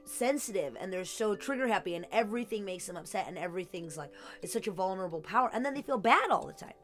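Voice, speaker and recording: A woman's voice: medium pitch, lively intonation, quick pace, fairly bright tone, faint music behind. A woman guest in a casual podcast chat, thoughtful and given to mocking imitations of others. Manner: reflective, mocking quotes.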